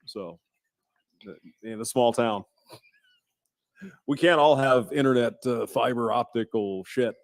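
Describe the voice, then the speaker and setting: A man's voice: mid-range voice, a little slow, pauses often, dry recording. A man hosting a casual panel chat, joking and teasing the guests and laughing often.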